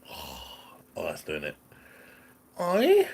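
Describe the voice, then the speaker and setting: A man's voice: rumbling low, huge pitch swings, slow pace, creaky, a little mellow, slightly rough. A man hosting a live stream, chatting casually with viewers in jokey banter and laughing often.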